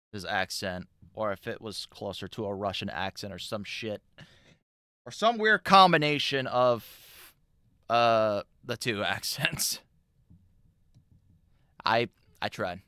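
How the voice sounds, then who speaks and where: A man's voice: fairly low pitch, unhurried, bright, forceful tone, smooth, no echo, clean studio sound. A man in his thirties hosting a live stream, chatting loosely and reacting with profane asides. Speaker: streamer host.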